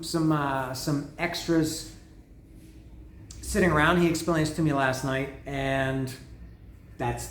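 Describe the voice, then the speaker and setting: A man casually talking through an unboxing of records, rambling and excitable, swearing freely and restarting his sentences. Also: fairly high pitch, roomy sound, a little hiss or hum. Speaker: vinyl record vlogger. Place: lives in Mexico.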